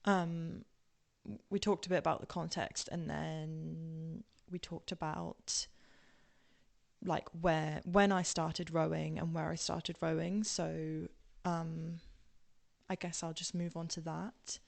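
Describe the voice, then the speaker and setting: Brief: young English woman, posh southern accent, low gravelly voice, rambling storyteller. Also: flat delivery, slow pace. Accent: southern English, now posh-sounding. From England. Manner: rambling with many ums and tangents, laughing. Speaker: podcast guest. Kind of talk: casual personal storytelling.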